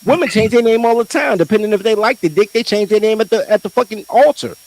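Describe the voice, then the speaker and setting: A man's voice: sits high, fast talker, darkish tone. A man co-hosting a podcast, arguing bluntly and provocatively in a heated casual debate, acting out quoted voices. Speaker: podcast co-host.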